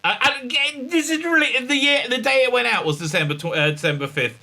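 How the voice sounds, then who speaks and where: A man casually recapping a show episode, sarcastic and rambling, with many fillers and mocking high-pitched quotes. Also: fast talker, pushed and bright. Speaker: reviewer and show host.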